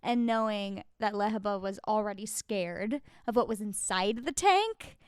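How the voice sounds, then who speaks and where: A young woman co-hosting a casual book podcast, reacting with lively enthusiasm. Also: mid-range voice, measured pace, clean tone, no room sound, clean studio sound. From Los Angeles area. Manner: animated, excitable reactions. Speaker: podcast co-host. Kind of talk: casual chat.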